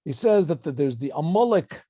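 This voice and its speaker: A man teaching a Torah class as a rabbi, reading Hebrew phrases, translating and explaining them in a lively lecture with frequent restarts. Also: a little high, normal speed, slightly rough, no echo. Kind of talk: lecture with commentary.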